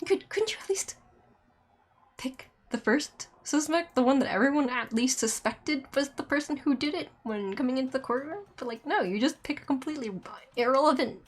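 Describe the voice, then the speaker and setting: A woman streamer giving exasperated, rambling gameplay commentary, filling her rant with "like" and pushing her voice higher as she gets angry. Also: normal speed, husky. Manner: exasperated, rambling, heavy use of "like"; voice climbs high when angry. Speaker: let's play streamer.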